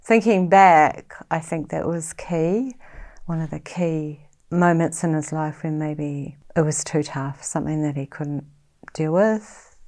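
A middle-aged woman with a New Zealand accent speaks in a fairly low voice. She tells her own story as an interview guest, halting and reflective. Her delivery stays soft-spoken throughout. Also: fairly even intonation. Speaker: guest sharing personal story.

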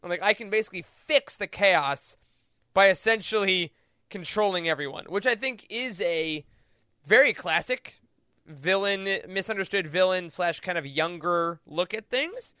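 A man with a bright, smooth voice and a fairly high pitch, recorded dry and close. He co-hosts a podcast and works through ideas aloud in a relaxed, thoughtful way, with plenty of fillers. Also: normal speed, no echo. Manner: thoughtful, interprets at length with many fillers. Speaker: podcast co-host. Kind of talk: casual discussion.

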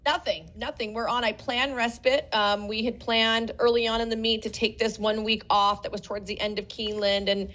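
A woman co-hosting a casual podcast, talking briskly and informatively. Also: on the high side, steady tone, a bit bright, muffled recording. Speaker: podcast co-host. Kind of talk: casual chat.

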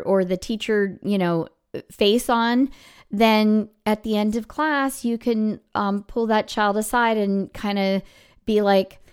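A woman's voice: medium pitch, smooth. A middle-aged woman hosting a podcast for music teachers, giving casual advice and acting out what she says to students. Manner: chatty, acts out classroom quotes.

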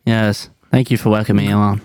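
A man joining a casual podcast as a guest, joking in a deadpan way. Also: lowish voice, a little fast, clear, resonant tone, no room sound, studio quality.

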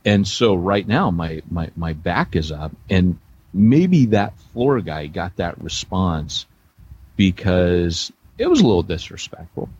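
A middle-aged man co-hosting a casual podcast, his voice low and husky. He tells rambling, self-deprecating stories full of restarts and asides. The audio is dull and lo-fi. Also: sing-song, slow, a little mellow. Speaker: podcast co-host, church planter.

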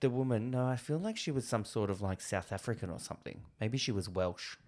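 Jokey man with a lowish voice. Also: animated, a little mellow. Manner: jokey, quick one-liners and echoes. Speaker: podcast co-host. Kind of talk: casual film discussion chat.

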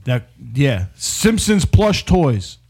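A man's voice: mid-range voice, drawn-out words, husky. A man co-hosting a podcast in casual chat, profane and laughing as he tells stories. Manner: profane, laughing, animated storytelling. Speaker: podcast co-host.

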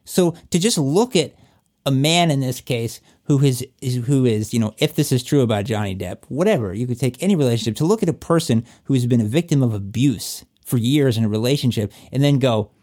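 Man, casual opinionated chat, emphatic, swears a lot, mellow, mid pitch. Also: animated, fairly quick. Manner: emphatic, swears often, acts out quoted voices.

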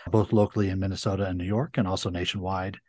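A man from Connecticut, an attorney guest on a podcast, telling stories in a brisk, chatty way. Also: low voice, level tone, a little mellow, no room sound. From Connecticut, USA. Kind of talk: casual interview chat.

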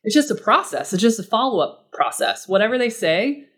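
A woman's voice: a little high, a little fast. Chatty woman on a podcast, lots of "like" and "you know", acts out little back-and-forth scenes as she explains. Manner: animated, acts out client dialogue in quoted voices; casual, uses fillers like "like" and "you know". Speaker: guest expert. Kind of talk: podcast interview.

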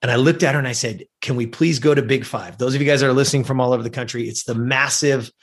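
In a fast, slightly rough mid-range voice, a middle-aged man shares a personal anecdote while a guest in a conversation. He brings it to life energetically, voicing the characters himself.

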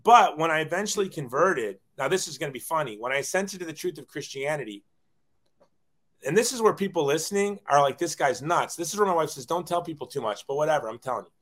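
A man's voice: a little high, lively intonation, fast talker, fairly bright tone. A man in his forties, a guest telling his life story in a casual, self-deprecating way, often acting out quoted dialogue.

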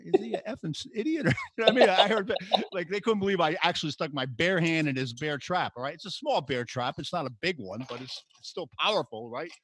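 A man hosts a podcast in a casual storytelling style. His voice sits a little high, and he gets animated, jumping into raised voices when he quotes people. The sound is close and dry. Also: no echo. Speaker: podcast host.

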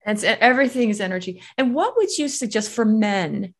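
A woman's voice: a little high, animated, normal speed. A woman interviewing a guest, asking a question while searching for her words. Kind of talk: conversational interview.

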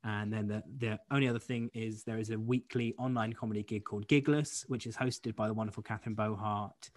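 On a dry recording, a young man from the UK answers interview questions as a comedian guest, his voice low-leaning, steady and fairly quick. His casual talk wanders, full of restarts, fillers and self-deprecation.

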